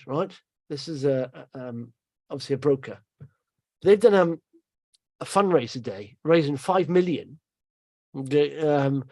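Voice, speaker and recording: A man's voice: on the high side, dry recording. Chatty man, dry close sound. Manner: chatty, rambling, laughs to himself, trails off quietly. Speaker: market commentary host. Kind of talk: casual market commentary over charts.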